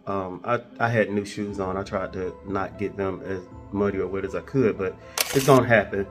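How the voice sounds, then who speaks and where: A man's voice: low voice, fairly even intonation, moderate pace. Man, casual travel vlogger, joking storyteller, light music under. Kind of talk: casual chat.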